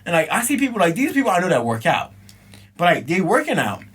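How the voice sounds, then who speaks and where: Fast-talking and high-pitched with a breathy edge, this podcast co-host trades stories in loose, slang-filled banter. He performs every quoted exchange with lively animation, playing both parties himself.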